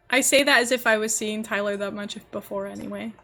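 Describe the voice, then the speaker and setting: A woman's voice: medium pitch, steady tone, a little fast, bright, forceful tone, soft background music. A young adult woman streaming, chatting casually and giggling as she rambles to her viewers while she builds. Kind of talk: casual live-stream chat.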